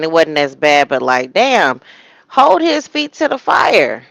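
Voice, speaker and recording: A woman's voice: sits low, animated, measured pace, gravelly, a bit bright, no echo. A woman co-hosting a casual commentary show, rambling with lots of hesitant starts. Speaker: co-host.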